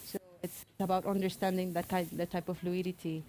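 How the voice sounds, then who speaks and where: A woman's voice: lowish voice, little pitch movement, a little fast, dark tone, slight background noise. A woman architect speaking at a public panel, hesitant and reflective, with many fillers. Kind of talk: panel discussion. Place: public talk event.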